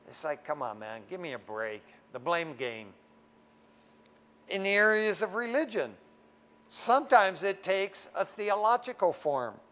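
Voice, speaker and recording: A man with a high voice preaches to a congregation in a loose, street-level way. He talks straight and plain, like a brother, and keeps dropping "man" into his lines. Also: very animated, a little slow, a bit bright. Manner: folksy and frank, often tags lines with "man". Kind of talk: casual sermon. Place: standing before a congregation.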